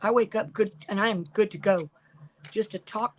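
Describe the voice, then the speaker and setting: A woman's voice: medium pitch, a little fast, slight background noise, rough recording. An older woman chatting casually while crafting on a livestream at home, rambling and greeting viewers by name.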